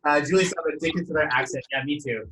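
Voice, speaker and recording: A man's voice: fairly high pitch, quick pace, reverberant, noisy background. Effusive man hosting a video call. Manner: upbeat, effusive, rambling. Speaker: numerology coach hosting a group call. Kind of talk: casual group video call.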